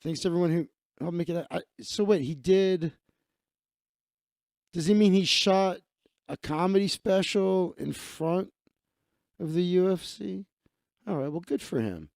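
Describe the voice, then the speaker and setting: A livestream host reads through his social feed, chatting in a rambling, profane, offhand way. His voice sits high and creaky with a darkish tone, a measured pace and long pauses. The sound is clean studio quality with no echo.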